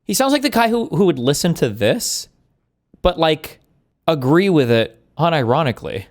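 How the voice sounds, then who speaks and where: A man reacting to clips on a live stream, sarcastic and exasperated, firing back quick rebuttals. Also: fairly high pitch, big pitch swings.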